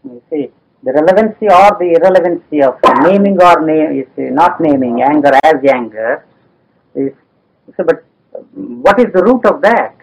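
A high-voiced man arguing a point in a philosophical dialogue, insistent and emphatic. He piles on repetitions and keeps saying "you see" as he drives each idea home. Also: lively intonation, moderate pace, poor audio.

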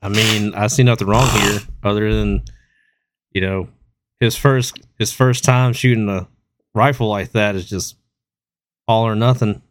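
A man's voice: on the low side, fairly even intonation, a little slow, pauses often, no room sound. Laid-back man teasing on a podcast. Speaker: podcast co-host. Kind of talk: casual chat.

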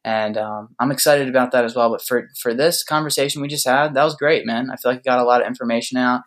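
A man's voice: medium pitch, fairly even intonation, fast talker. A man on a podcast as a guest, chatting casually in a laid-back, joking way.

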